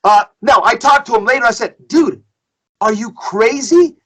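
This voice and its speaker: Middle-aged male guest storyteller, high and bright, emphatic, repeats phrases. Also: moderate pace, rough recording. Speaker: guest speaker. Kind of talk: storytelling in a podcast discussion.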